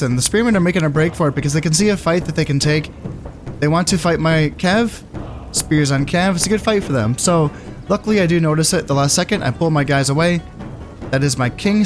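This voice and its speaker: A man casually commentating his strategy game, thinking aloud in a relaxed, musing way with fillers. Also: fairly high pitch, a little fast, over music. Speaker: gameplay commentator. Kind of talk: casual let's-play commentary.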